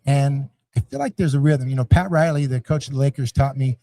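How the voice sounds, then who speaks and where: A man's voice: medium pitch, brisk, no echo. A middle-aged man, a guest on a podcast, talking animatedly and acting out coaches and parents as he goes. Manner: animated storyteller, acts out yelling parents and scats rhythms. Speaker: youth sports league founder, guest. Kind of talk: conversational podcast interview.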